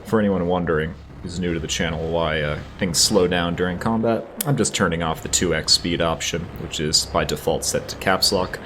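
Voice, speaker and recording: A man's voice: low-pitched, normal speed, hardly any pauses, a little hiss or hum. A man hosting a let's play, reading game text and chatting wryly over gameplay. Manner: relaxed, wry, easygoing. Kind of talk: casual gameplay commentary and story reading.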